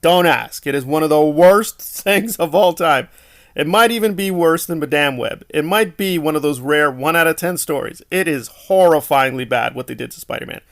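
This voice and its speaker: Gravelly, exasperated male film reviewer. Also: fairly high pitch, normal speed. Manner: exasperated, sarcastic, rhetorical questions. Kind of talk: casual opinionated film review.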